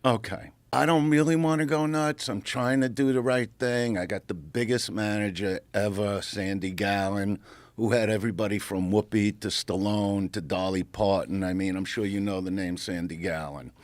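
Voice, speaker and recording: A middle-aged man, a comedian telling a profane, animated story on a podcast. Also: lowish voice, moderate pace, no room sound. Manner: animated, profane, acts out quotes. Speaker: comedian guest.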